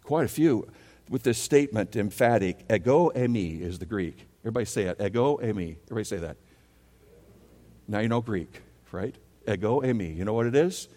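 A man preaching a sermon as pastor, animated and leading his congregation in call-and-response. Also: on the low side, long reverb tail.

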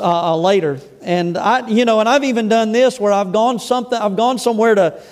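A man's voice: high-pitched, a little mellow. A middle-aged male pastor preaching a sermon, reading scripture aloud and commenting on it with humorous asides and conversational stories. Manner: storytelling, conversational, with restarts. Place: church sanctuary.

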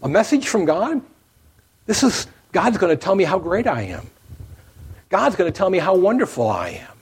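A man's voice: sits high, big pitch swings, normal speed, slightly rough, full character voice. A preacher voicing a vain, self-indulgent fat king who is pompous and barks orders. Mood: smug. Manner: pompous, then barking orders.

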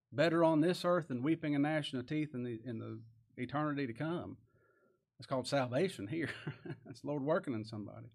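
A man preaching a sermon in a folksy, repetitive style that rises into emphatic bursts. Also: mid-range voice.

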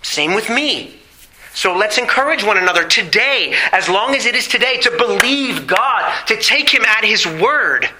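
A middle-aged man preaching a sermon, asking the congregation questions and slowing down on key phrases. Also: high-pitched, expressive, bright, forceful tone, poor audio. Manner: preaching with rhetorical questions and emphatic slow phrases. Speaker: pastor.

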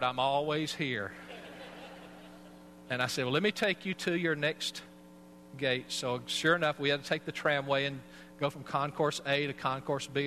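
A man's voice: on the high side, pushed and bright, a little hiss or hum. A man, a pastor, preaching a sermon and telling a personal story in an earnest way. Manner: earnest storytelling, acts out voices.

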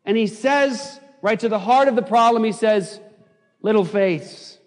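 Guy preaching in church, pretty high voice, gets loud then drops low and serious, big hall echo. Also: moderate pace. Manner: animated, jokey, swings from shouting to low intense emphasis. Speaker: pastor. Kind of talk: sermon. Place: church sanctuary.

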